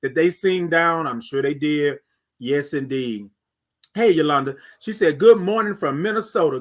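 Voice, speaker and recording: A man with a Texan accent hosting a live morning stream, chatting with viewers and singing out long, drawn-out greetings. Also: on the high side. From Texas. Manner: animated, sings out drawn-out greetings. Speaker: host.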